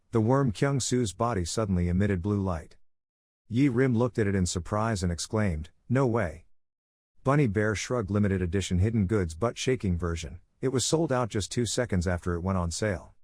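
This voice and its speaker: Low-voiced man narrating a story recap. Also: a little mellow, no echo.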